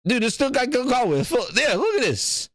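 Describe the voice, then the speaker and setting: A man's voice: very high voice, big pitch swings, moderate pace, fairly bright tone, dry recording, studio quality. A man hosting a gaming show, riffing in a profane, mocking, rambling way as casual reaction commentary.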